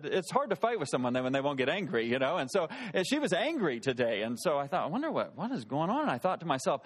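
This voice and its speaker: A pastor in his thirties, speaking in a voice on the high side, shares a personal story during a relaxed, conversational sermon. He poses questions to his listeners along the way.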